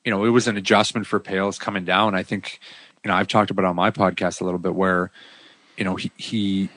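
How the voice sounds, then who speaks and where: A man's voice: low voice, little pitch movement, quick pace, a bit bright, no room sound. A man who is a former pro hockey player, speaking as a podcast guest in a blunt, candid, casual way. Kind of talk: casual interview chat.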